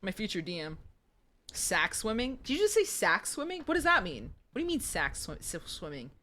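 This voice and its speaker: Woman in her twenties, game streamer, playful, jokey, animated pitch. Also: normal speed. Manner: playful, jokey, chatty with viewers. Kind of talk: live gameplay commentary.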